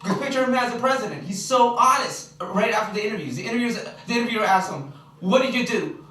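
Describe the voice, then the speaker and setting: Young man from the Philippines, high and lively stand-up comic, roomy distant club sound. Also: fast. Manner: animated, shouting punchlines, crowd work. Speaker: stand-up comedian. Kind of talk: stand-up comedy set. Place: comedy club stage. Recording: echoey club recorded from far off with noise.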